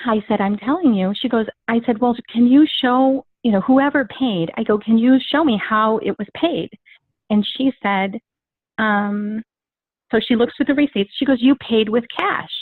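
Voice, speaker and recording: A woman's voice: on the high side, moderate pace, no room sound. A woman guest telling a personal story in casual chat, rambling and acting out the dialogue she quotes. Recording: tinny phone-like dry sound.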